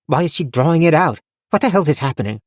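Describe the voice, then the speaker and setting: Man voicing a panicky rattkin bookseller woman, raised pitch, frantic, dry close audiobook read. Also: very animated, normal speed, breathy edge, no room sound. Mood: panicked. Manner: frantic inner voice. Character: anxious female rattkin bookseller, foul-mouthed.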